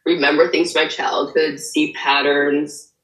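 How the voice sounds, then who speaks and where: A woman's voice: deep voice, little pitch movement, measured pace, fairly bright tone, reverberant, poor audio. A woman author candidly telling her personal story as an interview guest, rambling with many fillers. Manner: rambling, frequent fillers, emotional retelling.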